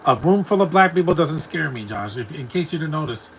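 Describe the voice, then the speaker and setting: A man's voice: on the high side, lively intonation, a little fast, a little hiss or hum, poor audio. A man giving casual live commentary over a movie, rambling and stumbling over repeated words.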